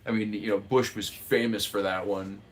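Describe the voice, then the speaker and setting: A man's voice: lowish voice, little pitch movement, moderate pace, slight background noise. A man from the United States who runs the chat on a live cooking stream, rambling and joking and laughing often. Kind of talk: casual livestream chat.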